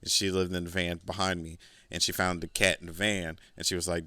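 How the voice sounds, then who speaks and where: A man's voice: low voice, level tone, a little fast, pushed and bright, no room sound. A man hosting a podcast, telling a rambling, profane story in a casual, laid-back way. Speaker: podcast host.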